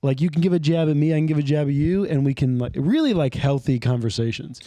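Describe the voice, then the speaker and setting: Guy with a bit of a higher voice, deadpan jabs, casual podcast, dry sound. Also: quick pace, no echo. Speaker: podcast co-host. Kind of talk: casual chat.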